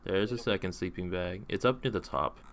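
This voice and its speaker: A man running a tabletop game as game master, easygoing and quick to laugh. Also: low-pitched, creaky, crowd noise. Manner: easygoing, laughs often, stumbles when flustered.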